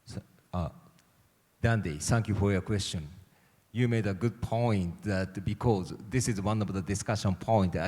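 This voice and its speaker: In a reverberant conference hall, a male government official on a panel answers a question in a low, darkish voice. He sounds hesitant, searching for words and leaning on many fillers.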